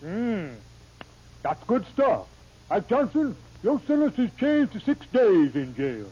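A man playing a folksy small-town court judge in a 1930s radio comedy, with drawling dialect speech and a husky voice. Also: sits high, very animated, slow, full character voice. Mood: pompous. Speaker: comic sketch actor. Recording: muffled old radio recording.

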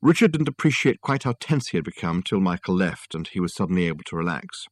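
A man narrating an audiobook in a calm, even reading voice. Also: sits low, quick pace, dry recording.

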